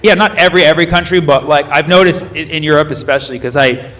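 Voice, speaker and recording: On a comedy club stage, a man talks fast in a high-leaning, fairly bright voice while doing live crowd work. He questions the audience and corrects himself partway through sentences. Laughter and room murmur sit in the background.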